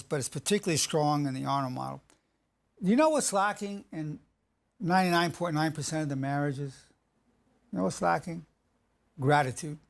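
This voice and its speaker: A man giving a spoken lecture on marriage, emphatic and slow on key phrases, repeating them, with halting restarts mid-sentence. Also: on the high side, creaky.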